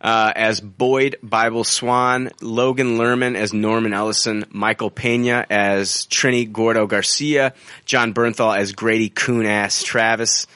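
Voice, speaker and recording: A man hosting a casual podcast chat, talking in an animated way and swearing freely, with his pitch jumping up when he gets excited. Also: unhurried, smooth, no echo. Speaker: podcast host.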